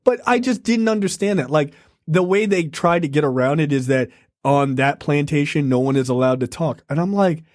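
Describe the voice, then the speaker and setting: Guy ranting about a movie, high lively voice, dry close mic. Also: moderate pace, no room sound. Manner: animated, profane, laughing. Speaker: podcast co-host. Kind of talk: casual review chat.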